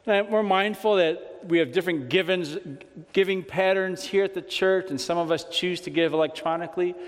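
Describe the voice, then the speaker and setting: A man speaking as a pastor, giving church announcements in a gentle, measured way with a few fillers. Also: medium pitch. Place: church sanctuary. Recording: long reverb of a church sanctuary.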